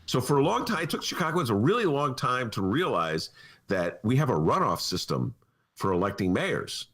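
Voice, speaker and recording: Male studio host, mocking and sarcastic; very animated, sweeping intonation. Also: medium pitch, moderate pace. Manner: sarcastic, mocking, does voices of politicians. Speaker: podcast host. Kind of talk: opinionated political talk. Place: radio studio.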